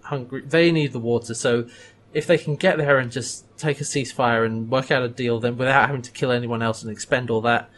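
A man's voice: medium pitch, a little fast. A man in casual podcast chat, recapping a TV episode and animatedly acting out lines. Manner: animated, acts out quoted lines with laughs.

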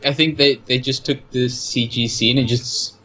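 A man's voice: medium pitch, steady tone, normal speed, sharp tone. A man co-hosting a chat podcast, making dry, wry comments while recapping a TV episode. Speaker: podcast co-host. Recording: slightly dull lo-fi mic.

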